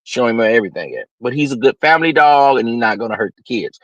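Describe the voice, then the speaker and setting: Expressive and quick, a man with a medium-pitched, slightly nasal voice hosts a livestream and rants unscripted, brash and preachy, shifting from loud to muttered asides. The recording is dry and lo-fi.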